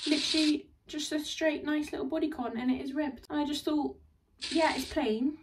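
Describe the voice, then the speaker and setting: A young woman chatting casually and bubbly through a dress haul, laughing often. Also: fairly high pitch. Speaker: fashion vlogger. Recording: distant mic, faint room noise.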